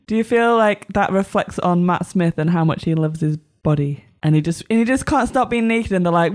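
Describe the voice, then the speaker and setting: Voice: mid-range voice, lively intonation, brisk, few pauses. A podcast co-host in casual chat, enthusiastic and giggly.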